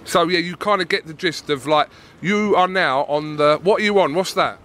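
A man's voice: on the high side, moderate pace, a bit bright. An English man with a British accent, casually interviewing people outdoors and teasing them playfully. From England. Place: outdoors on a city street.

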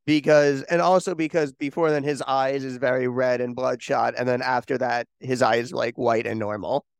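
A man's voice: medium pitch, fairly even intonation, normal speed, creaky, smooth, no room sound, studio quality. A man co-hosting a casual movie podcast, talking enthusiastically and with profanity. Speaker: podcast co-host.

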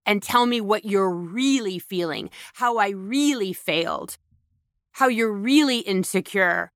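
Slow, blunt woman with a dry close voice. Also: mid-range voice, dry recording. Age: adult, has children. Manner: blunt, emphatic, repetitive with restarts. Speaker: speaker on emotions. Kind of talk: casual motivational monologue.

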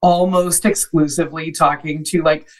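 A woman's voice: sits low, fairly even intonation, normal speed, recorded from a distance, poor audio. A woman in her thirties, a guest author on a podcast, chatty and full of "like". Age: 30s. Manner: chatty, peppered with "like". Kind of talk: podcast interview.

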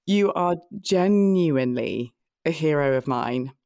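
A low-pitched woman hosts a podcast, pouring out praise for her guest in an effusive, laugh-filled way. The sound is dry and close, with no room around her voice. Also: animated, takes it slowly, dark tone, no room sound. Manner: effusive, laughing, tearful at times. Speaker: podcast host. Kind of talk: gushing interview introduction.

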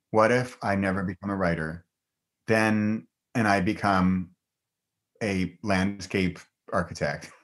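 Upbeat low-voiced man, podcast guest. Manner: enthusiastic, upbeat, laughs often. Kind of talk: casual conversation.

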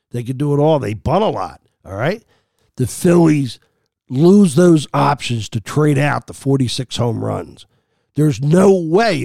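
Gravelly, heated male sports podcast host. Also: on the high side, a little mellow, no room sound, clean studio sound. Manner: heated, argumentative, emphatic. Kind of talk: opinionated sports talk.

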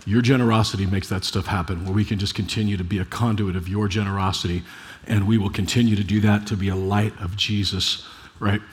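A middle-aged man preaching a conversational sermon, full of rhetorical asides and quick restarts. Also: lowish voice, fairly even intonation. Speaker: pastor.

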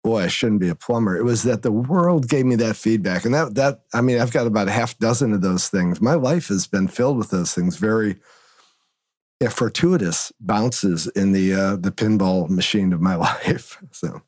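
Man telling lively stories, dry close sound. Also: normal speed, no echo. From Northern Illinois. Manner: animated storyteller, swings up and down in pitch. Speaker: guest, agency consultant and author. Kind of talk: conversational podcast interview.

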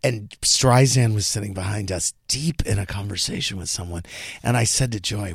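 Male podcast host, gravelly voice, dry booth sound, gossipy and theatrical in his tellings. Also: on the low side, brisk, no echo. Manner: chatty, gossipy, theatrical storyteller. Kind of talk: casual chat.

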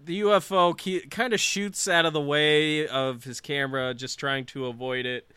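A man hosting a podcast, telling a story in a casual, animated way with jokey asides and frequent laughs. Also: fairly high pitch, normal speed, clean tone, no echo. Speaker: podcast host.

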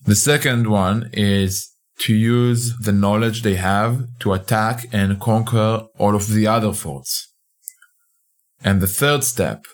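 This is a fairly low male voice narrating fiction for a podcast from his own point of view. He sounds conversational and unsure, frequently stopping and beginning again.

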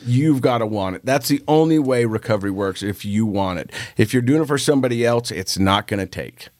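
A man's voice: fairly low pitch, animated, a little fast, dry recording, clean studio sound. Earnest man in his forties. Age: 40s. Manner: earnest, speaks from his own recovery. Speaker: guest. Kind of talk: casual conversation.

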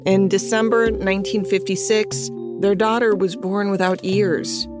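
A woman hosting a podcast, giving scripted history narration in an even, measured read with chatty asides. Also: medium pitch, over music. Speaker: podcast host.

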